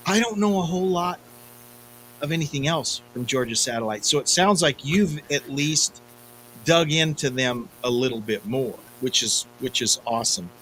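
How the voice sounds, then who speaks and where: A man's voice: mid-range voice, lively intonation, moderate pace, fairly bright tone, slight background noise, low-quality recording. A man in his fifties co-hosting a podcast in casual chat, telling self-deprecating stories. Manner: chatty storyteller, self-deprecating. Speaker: podcast co-host.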